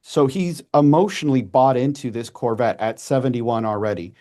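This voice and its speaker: A man in his forties, a messaging coach and podcast guest, giving casual advice in an animated way with quick restarts and acted-out asides. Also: mid-range voice. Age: 40s.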